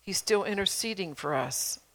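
A woman's voice: medium pitch, animated, normal speed, vocal fry, a bit bright. A middle-aged woman preacher delivering a sermon, earnestly exhorting her congregation with rhetorical questions.

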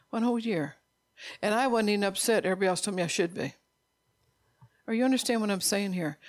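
Middle-aged preacher with a rough, fry-laden voice, informal sermon, repetitive and scolding. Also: medium pitch, no echo.

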